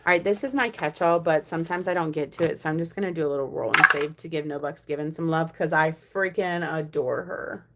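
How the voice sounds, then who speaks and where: A young woman vlogging a savings challenge, chatting casually and counting money aloud, often dropping to a soft murmur. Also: low voice, a little fast, few pauses, background noise. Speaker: budgeting vlogger.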